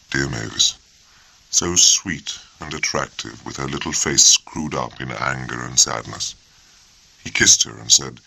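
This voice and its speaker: A man narrating an audiobook with measured, expressive storytelling. His voice sits extremely low with a gravelly, husky texture, yet rings bright and moves with lively pitch. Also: low-quality recording. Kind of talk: scripted narration.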